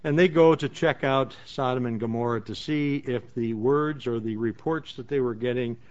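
A man's voice: medium pitch, moderate pace, a little mellow. A man leading a Bible study, reading verses aloud and then explaining them in plain words, with frequent restarts. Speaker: Bible teacher. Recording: dull lo-fi recording.

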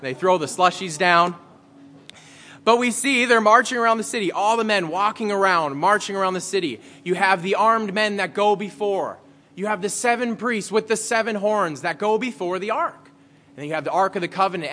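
A pastor giving a conversational sermon, reading scripture aloud and then explaining it in plain words. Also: male voice, sits high, normal speed, sharp tone.

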